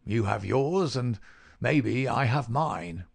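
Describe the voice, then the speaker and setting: A man's voice: mid-range voice, animated, slow, creaky, slightly rough, exaggerated voice. A man voicing a shrewd, stubborn police inspector who speaks in guarded, sly replies.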